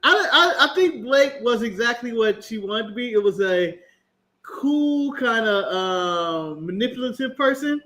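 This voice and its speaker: A man's voice: extremely high pitch, expressive, a little slow, fairly bright tone. An American man co-hosting a casual wrestling talk show, laughing often and stammering through restarts. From United States. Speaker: podcast co-host.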